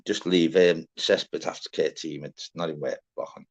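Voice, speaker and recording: A man's voice: extremely low pitch, steady tone, normal speed, husky. A young Scouse man hosting a casual livestream, chatty and sweary, greeting viewers by name. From Liverpool, England. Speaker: livestream panel host. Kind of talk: casual live chat. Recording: dull lo-fi stream audio.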